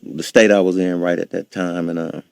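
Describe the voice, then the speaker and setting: A man with a low, gravelly voice recalls a studio session in an unhurried, halting way, full of fillers. The sound is dry and close-miked. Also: level tone, dry recording. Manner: laid-back, halting with fillers. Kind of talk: interview recollection.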